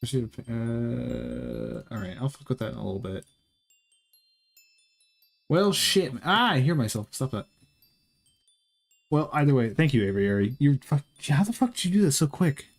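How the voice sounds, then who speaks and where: A man's voice: mid-range voice, lively intonation, unhurried, creaky, pauses often, faint music behind. A man streaming a game, chatting casually and profanely with his viewers in a rambling, joking way. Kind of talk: casual chat with live chat while playing.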